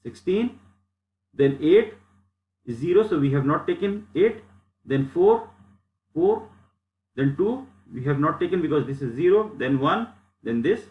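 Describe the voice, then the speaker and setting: A man gives a slide lecture in a fairly high voice. He works through each step patiently and repeats the rules as he goes. The recording carries a clear echo from the room. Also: animated, moderate pace, phone-quality sound. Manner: step-by-step explaining, repeats phrases.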